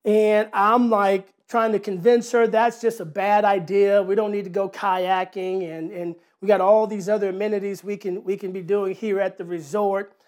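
A man's voice: high voice, level tone, normal speed, hardly any pauses. A man preaching a sermon, talking in a conversational way with rhetorical questions, repeated words and a personal story.

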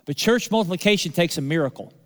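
A male pastor delivering a sermon, preaching with rhetorical repetition and emphatic pauses. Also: high-pitched, lively intonation. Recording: long hall reverb.

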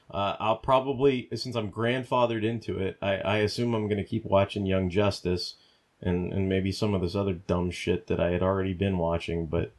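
A man's voice: lowish voice, a little mellow. A man co-hosting a podcast, ranting heatedly in casual talk, swearing constantly and restarting his sentences. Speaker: podcast co-host. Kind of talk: profane casual rant.

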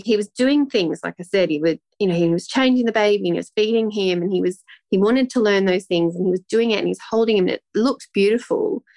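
A woman's voice: medium pitch, no echo. A woman, a guest telling a personal story in a rambling, emotional way with many restarts. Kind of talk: casual interview talk.

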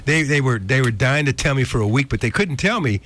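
A man chatting casually on a radio show, halting and full of fillers. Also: medium pitch, animated, a bit bright, slight background noise.

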